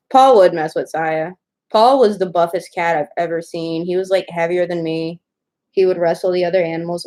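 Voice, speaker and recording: A woman's voice: lowish voice, normal speed, darkish tone. A young woman in her twenties chatting casually with livestream viewers, rambling through stories full of "like". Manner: rambling, chatty storytelling with many "like"s. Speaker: writer hosting a livestream.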